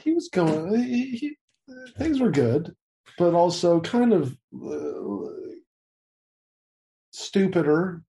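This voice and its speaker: A man's voice: high voice, big pitch swings, slow pace, long pauses, dark tone. A young man answering interview questions over a video call in casual chat, rambling, laughing often and swearing casually. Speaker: interview guest.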